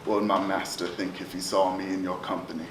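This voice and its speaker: A man performing spoken word poetry, rhythmic and chanting, with swings from loud to hushed. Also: deep voice, little pitch movement, fairly quick. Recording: roomy, distant live recording with noise.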